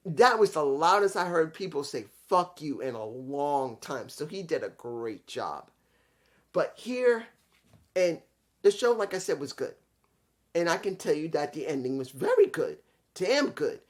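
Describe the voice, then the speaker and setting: A man reviewing a wrestling event in casual talk, animated and retelling scenes with his own restarts. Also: a little high, measured pace. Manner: animated, acts out quotes, restarts. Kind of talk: casual recap and opinion talk.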